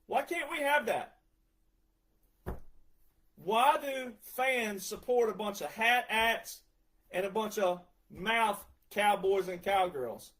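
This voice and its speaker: A forty-something man with a drawl and a notably high voice, ranting in a heated, sarcastic monologue. He mocks his critics in put-on voices between angry outbursts. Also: animated, slow, a bit bright, rough recording. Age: 40s. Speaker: retired veteran ranting about country music.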